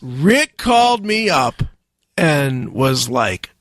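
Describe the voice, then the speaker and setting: A man hosting a radio talk show, telling a wild story loudly with lots of swearing and laughter. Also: medium pitch, big pitch swings, extremely slow, no echo. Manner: loud, profane, laughing storyteller. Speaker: radio host.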